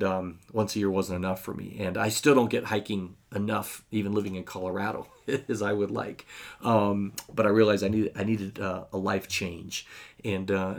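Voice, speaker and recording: A man's voice: low voice, gravelly. A man in his thirties hosting a podcast, talking in a casual, rambling way with many fillers. He sounds chatty, enthusiastic and self-deprecating. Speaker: podcast host.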